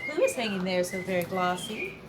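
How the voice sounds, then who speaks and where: A woman's voice: mid-range voice, brisk, noisy background, natural voice. Bold little kenki dumpling, female, unafraid; woman reader plays her. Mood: defiant. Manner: calm and defiant. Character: brave bold female half ball of kenki.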